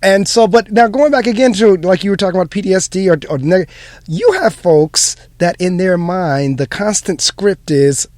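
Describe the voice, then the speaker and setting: A man's voice: high-pitched, normal speed, a little mellow, no echo. A man, an educator hosting an interview, agreeing with his guest and retelling stories. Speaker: host and educator. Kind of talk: conversational interview.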